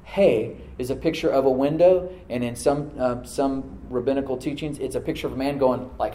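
Guy preaching in church, warm low-key tone, reads the verses out then goes quiet to hit the point. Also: moderate pace, few pauses, roomy sound, low-quality recording. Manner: reads scripture aloud, then drops to a soft voice to stress points; asks the congregation to answer back. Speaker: pastor. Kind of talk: sermon. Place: church service with a live congregation.

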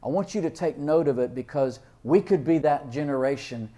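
A man preaching a sermon, reading scripture slowly and asking his listeners questions, with loud emphatic peaks and frequent laughs. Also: a little high. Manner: reads King James verses slowly and deliberately; asks the congregation questions and laughs often.

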